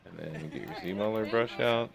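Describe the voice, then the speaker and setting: Low gravelly male streamer, relaxed slangy tutorial talk, crowd noise behind. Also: moderate pace. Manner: laid-back, slangy, keeps asking "right?". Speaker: 3D sculpting instructor streaming live. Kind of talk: casual live software tutorial. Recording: background crowd chatter from a playing video.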